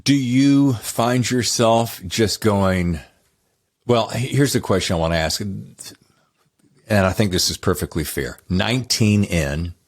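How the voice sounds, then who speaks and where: A man's voice: lowish voice, takes it slowly. A man with a Southern American accent from North Carolina, hosting a podcast interview in a chatty, rambling, effusive way. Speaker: podcast host. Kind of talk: casual interview chat.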